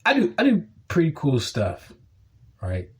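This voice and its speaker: A man tells a story on his podcast in casual, profane talk. His slightly high voice swings widely in pitch. He bursts into loud shouts. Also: wildly swooping pitch, a little slow. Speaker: podcast host.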